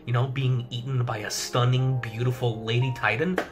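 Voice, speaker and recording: A man's voice: mid-range voice, little pitch movement, normal speed, music in the background. A young man giving a rambling casual review of a manga chapter, swearing heavily and laughing often. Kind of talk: casual commentary.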